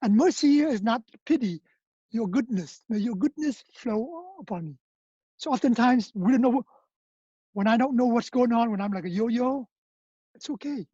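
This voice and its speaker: Soft-spoken woman leading a prayer. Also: on the high side, moderate pace, slightly rough, no room sound. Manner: gentle, prayerful, with hesitant restarts. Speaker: retreat leader. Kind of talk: reflective talk and guided prayer. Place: home, online video call. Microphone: video call. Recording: muffled lo-fi video call audio.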